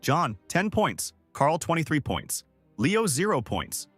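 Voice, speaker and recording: A man voicing a young blonde woman teacher who loudly announces exam scores. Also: on the high side, huge pitch swings, takes it slowly, breathy edge, no echo, faint music behind, voice pushed up, exaggerated voice. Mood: announcing. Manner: loud official announcing.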